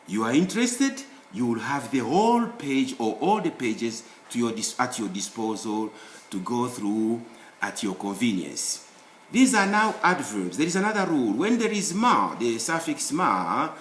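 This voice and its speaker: Male language teacher, lively explanatory delivery with emphatic rises, echoey room with faint background hiss. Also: mid-range voice. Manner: explanatory, repeats example words, emphatic rises. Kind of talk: screen-share language lesson.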